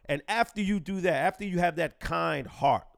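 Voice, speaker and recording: A man's voice: fairly high pitch, moderate pace, gravelly, no room sound, studio quality. A man hosting a podcast, talking in a brash, boastful, profane way. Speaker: podcast host. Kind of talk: profane casual commentary. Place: home studio in the Bronx.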